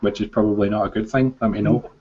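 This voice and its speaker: A man's voice: lowish voice, steady tone, fast talker, mellow, husky, muffled recording. A man playing in a tabletop game over a headset, chatting in an easygoing way. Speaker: player. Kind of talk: casual tabletop game chat.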